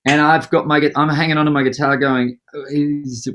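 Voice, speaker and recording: A man telling a story in an interview, lively and animated, acting out the other people's lines as he goes. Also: on the high side, moderate pace. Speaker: musician guest.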